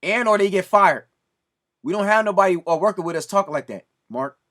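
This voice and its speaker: A man's voice: high-pitched, expressive, brisk, fairly bright tone. A man ranting in commentary, scolding and preaching with lots of repetition. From Southern California. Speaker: video commentator.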